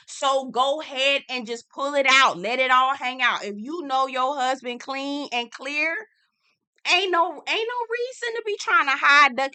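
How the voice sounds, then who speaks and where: Sassy woman recapping reality TV. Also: sits high. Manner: sassy, animated, calls viewers "girl", laughs often. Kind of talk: casual TV recap commentary.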